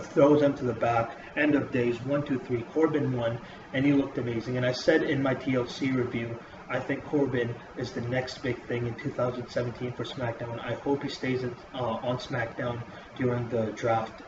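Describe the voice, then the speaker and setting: A man casually reviewing a wrestling show in a vlog, swearing often and rambling with lots of fillers. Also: medium pitch. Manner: profane, rambling, full of fillers. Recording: roomy dull lo-fi with hiss.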